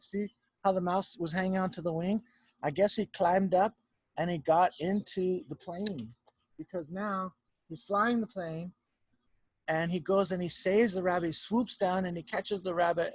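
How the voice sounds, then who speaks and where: A male teacher reading a picture book aloud to young children over a video call from home, narrating in an animated way and checking in with them. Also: high voice, dry recording. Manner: warm, animated storyteller who keeps checking in with the children.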